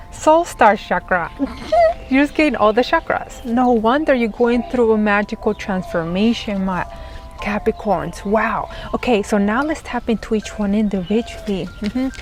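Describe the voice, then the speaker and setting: A woman giving an excited, gushing tarot reading, giggling as she talks. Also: a little high. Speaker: tarot reader.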